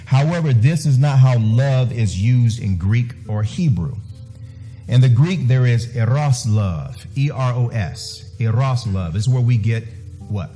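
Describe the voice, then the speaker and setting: A male pastor delivering a sermon with emphasis, driving points home by repeating words. His voice has a mellow, warm tone. Soft music plays faintly behind him. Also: medium pitch, expressive, unhurried. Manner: emphatic, repeats phrases for stress.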